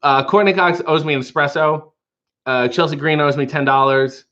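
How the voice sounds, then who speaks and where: A man's voice: on the high side, fairly even intonation, moderate pace, bright, forceful tone, highs cut off. A man hosting a casual comedic stream, reading chat comments and comics aloud with dry, offhand joking asides. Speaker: streaming show host.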